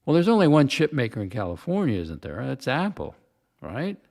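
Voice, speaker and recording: An older man talks loosely on a livestream, drifting from one story to the next and repeating himself as he goes. His voice has a gravelly, rough edge and sits at an ordinary pitch for a man. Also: huge pitch swings, brisk, darkish tone. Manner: chatty storyteller, repeats himself, reads chat comments. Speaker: livestream host. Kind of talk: rambling casual chat.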